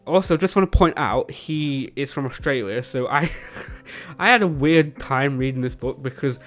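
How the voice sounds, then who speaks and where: A man's voice: medium pitch, lively intonation, normal speed, a bit bright, faint music behind. A British man chatting casually about the books he has read, often stumbling over words and correcting himself. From Britain. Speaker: book vlogger. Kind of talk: casual book review chat.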